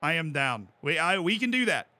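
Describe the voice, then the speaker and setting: Excitable young American streamer man. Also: on the high side, normal speed, no room sound. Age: 20s. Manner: chatty, reads out chat, bursts into excited yells. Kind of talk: casual live-stream commentary while gaming.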